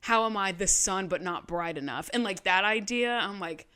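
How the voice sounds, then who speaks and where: Bright-voiced woman in animated chat. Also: mid-range voice, normal speed, clear, resonant tone. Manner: animated, swearing, laughs often. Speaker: podcast co-host. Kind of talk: casual podcast chat.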